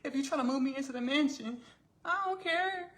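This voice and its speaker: A woman voicing a sassy young woman who defiantly sticks up for her family, her voice climbing high as she repeats herself. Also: steady tone, a little fast, creaky. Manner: defiant, rising to shrieks.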